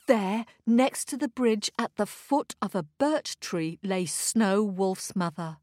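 A woman narrating a children's story, reading slowly and expressively. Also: mid-range voice, lively intonation, darkish tone, no room sound, studio quality.

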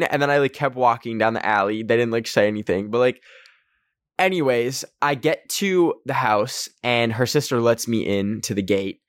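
Animated young man telling a story. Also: mid-range voice, moderate pace, no echo, studio quality. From Canada. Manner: animated, heavy use of "like", acts out quotes in raised voices. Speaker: podcast host. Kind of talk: casual storytelling.

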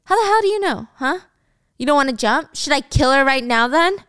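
A woman's voice: a little high, expressive, normal speed, no room sound, studio quality. A woman voicing a crude, taunting student villain. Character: volatile young male student villain.

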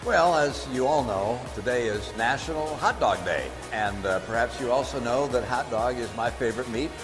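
Stiff earnest male speaker, mid voice, clear music bed. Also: mid-range voice, expressive, normal speed. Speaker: politician in archive clip. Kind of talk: stiff prepared remarks.

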